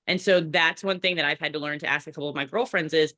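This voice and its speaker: A woman co-hosting a workshop, giving casual advice in a blunt, animated, self-deprecating way. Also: deep voice, fast talker, few pauses. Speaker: workshop co-host and coach.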